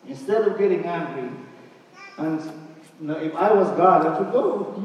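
A man preaches a sermon in a high voice, often turning to his congregation with a quick "right?" or "huh?". The sound carries a long reverb through a big hall, and he stands well back from a dull-sounding microphone. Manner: lively, questioning the congregation with frequent "right?" and "huh?". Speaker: pastor. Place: church hall. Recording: echoey hall, distant and dull.

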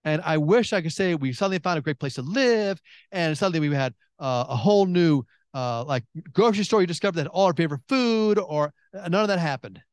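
A man preaching a sermon in a chatty, joking way, acting out his own prayers with big leaps in pitch and talking through many restarts. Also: lively intonation, fairly quick, smooth, no echo, studio quality. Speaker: pastor.

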